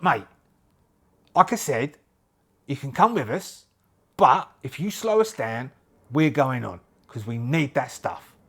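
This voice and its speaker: A man voicing a gruff, impatient male squad leader who speaks bluntly and curtly. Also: medium pitch, a bit bright. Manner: blunt, curt, bossy.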